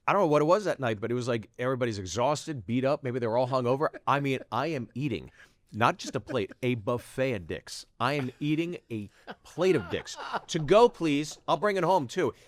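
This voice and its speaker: With no echo on the recording, this middle-aged Pittsburgh-area comic speaks in a mid-range voice. He tells quick, profane stories in casual conversation, slipping into the voices of people he quotes.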